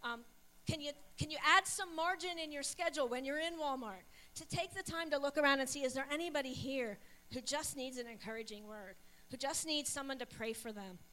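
Pastor's wife giving a sermon, high and sharp-voiced, animated storyteller. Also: female voice, fairly quick. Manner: animated, storytelling with acted-out dialogue. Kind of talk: sermon with personal stories.

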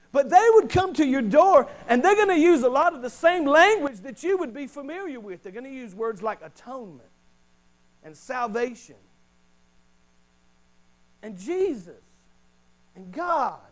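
A man preaching a sermon as pastor, slowing down to punch key phrases and calling for an amen from the congregation. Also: very high-pitched, rough recording. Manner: emphatic preaching with slowed, punched phrases and call-and-response.

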